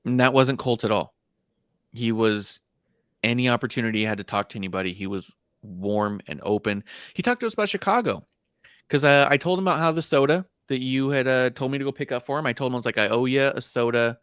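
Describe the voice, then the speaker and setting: A man co-hosting a casual wrestling podcast, telling stories in an animated way and acting out the voices of people he quotes. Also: mid-range voice, quick pace, clean tone, no echo, clean studio sound. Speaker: podcast co-host. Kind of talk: casual chat.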